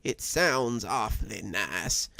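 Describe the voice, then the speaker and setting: A man doing a raspy, stubborn old widow. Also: medium pitch, sing-song, fairly bright tone, no echo, full character voice. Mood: soft. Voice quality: raspy, wet and wheezing. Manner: slow, drawn-out delivery. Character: frail, sickly old widow who runs a shop, stubborn and proud. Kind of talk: storybook reading.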